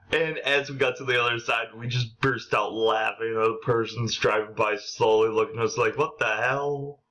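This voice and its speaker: A man's voice: lowish voice, fairly quick, few pauses, highs cut off. A young adult man telling funny personal stories in a casual vlog, acting out quotes with a raised voice. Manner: animated, acts out quotes in a raised voice. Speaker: vlogger.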